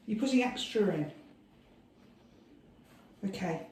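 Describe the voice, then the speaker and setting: A woman's voice: medium pitch, animated, slow, darkish tone, very echoey, far from the mic, rough recording. Patient woman coaching from off-mic. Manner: patient, coaxing. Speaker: guides the cook through the recipe. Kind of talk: casual instructions while cooking. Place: home kitchen.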